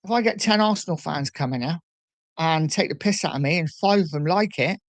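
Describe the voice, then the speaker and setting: A man hosting a casual livestream, chatting and reading out viewer comments in a relaxed, rambling way. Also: fairly high pitch, a little fast, no room sound. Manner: relaxed and chatty, lots of fillers and repeats. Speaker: livestream host. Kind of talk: casual live-stream chat reading comments.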